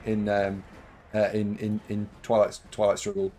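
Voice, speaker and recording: A man's voice: lowish voice, completely flat delivery, moderate pace, dark tone, soft background music. A man streaming a game live, chatting casually with viewers and thanking them, with lots of fillers. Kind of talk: casual live-stream chat while playing.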